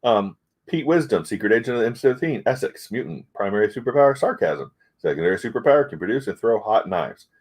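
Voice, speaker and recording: A man's voice: fairly low pitch, lively intonation, quick pace, a little mellow, breathy edge. A middle-aged man from the United States chatting casually about comics, rambling and hesitant but frank. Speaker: comic review host. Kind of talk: casual chat.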